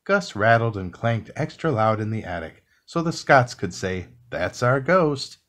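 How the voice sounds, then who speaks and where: A man reading a classic children's book aloud in a calm, soft, slow bedtime manner. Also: fairly low pitch. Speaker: storybook reader.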